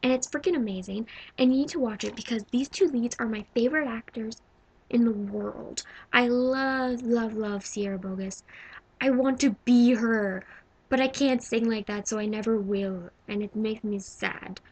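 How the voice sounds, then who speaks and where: A young woman in her twenties chats through her favorite movies in a casual vlog, her voice sitting a little high with a gravelly edge. She gushes freely and swings between loud exclaiming and hushed, breathy whispers. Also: steady tone, moderate pace, poor audio. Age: 20s. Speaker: vlogger.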